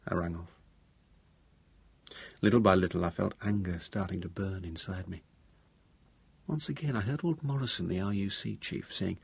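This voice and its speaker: A man narrating a first-person audiobook in a measured, grave way, recorded close in a dry studio booth. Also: sits low, vocal fry, breathy edge.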